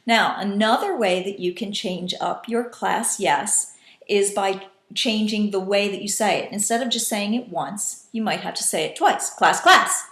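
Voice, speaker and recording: A woman's voice: mid-range voice, normal speed. Woman teacher in an echoey room. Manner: patient, demonstrating call-and-response in varied voices. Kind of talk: instructional talk to teachers.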